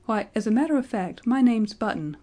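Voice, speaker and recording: A woman's voice: on the high side, expressive, dark tone, pitched above the performer's own voice. Benjamin Button, insistent woman reading as an old-looking man. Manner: insistent, firm and slow. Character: Benjamin Button, man who looks old but is eighteen.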